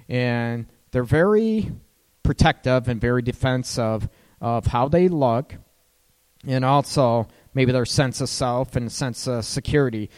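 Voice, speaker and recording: A man's voice: mid-range voice, big-room sound. A man hosting a relationship radio talk show as a counselor, chatting casually and breaking into laughs mid-sentence.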